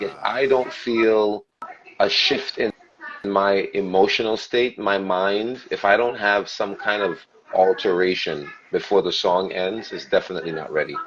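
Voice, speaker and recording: A man hosting a casual live podcast, an animated storyteller who slips into mimicked accents. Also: fairly low pitch, measured pace, slight background noise. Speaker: podcast host and steelpan player. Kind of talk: casual chat on an online live stream. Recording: muffled lo-fi stream audio.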